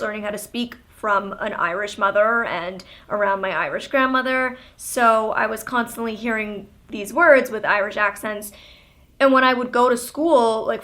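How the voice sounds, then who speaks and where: A woman in her twenties from Canada, chatting candidly to camera and telling a story about her childhood in a relaxed, conversational way. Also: a little high. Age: 20s. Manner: chatty, candid, with laughs and fillers. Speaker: YouTuber.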